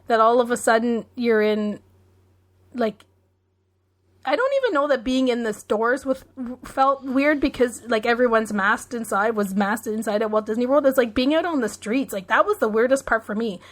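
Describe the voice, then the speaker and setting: A woman's voice: fairly high pitch, normal speed. Chatty woman podcast co-host. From Canada. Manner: chatty, playful, hesitant with many likes. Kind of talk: casual chat.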